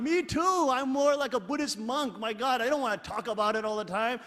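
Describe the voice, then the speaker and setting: A middle-aged man preaching a sermon, emphatic and animated, loud exclamations alternating with quiet asides, leading his congregation in reading aloud. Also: very high-pitched, a little fast, few pauses. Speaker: pastor. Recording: long hall reverb.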